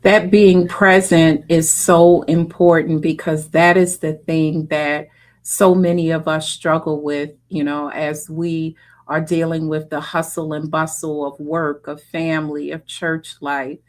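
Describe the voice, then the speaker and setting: A woman's voice: low-pitched, little pitch movement, a little slow. A woman hosting an interview, speaking in an earnest, affirming way. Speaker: interview host. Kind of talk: conversational interview.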